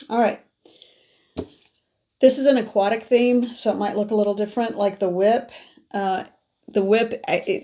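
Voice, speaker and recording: A woman's voice: mid-range voice, a little mellow. A woman psychic reader talking viewers through a card reading, musing aloud as she lays out cards. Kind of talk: spoken tarot reading to viewers.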